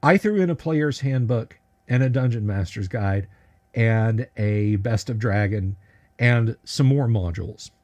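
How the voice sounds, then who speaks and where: A man's voice: fairly low pitch, a little slow, darkish tone. A man hosting a casual livestream at his computer, talking in a rambling, joking way with many fillers and restarts. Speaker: livestream host.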